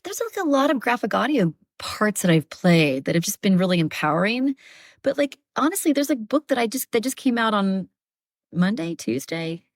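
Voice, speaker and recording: A woman's voice: lowish voice, no room sound, clean studio sound. A woman audiobook narrator and actress, a guest chatting animatedly with many fillers. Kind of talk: casual interview chat. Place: Southeast Texas.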